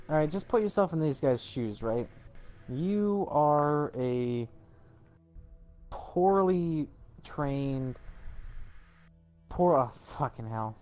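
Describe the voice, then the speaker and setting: A man's voice: medium pitch, a little mellow. A man chatting casually over gameplay, crude and teasing, rambling through his points. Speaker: gamer.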